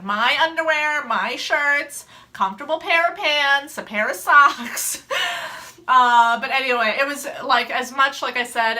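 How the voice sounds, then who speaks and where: A young adult woman telling a personal story in a casual vlog, animated and laughing often as she acts out her own quotes. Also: mid-range voice. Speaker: mom vlogger telling a story.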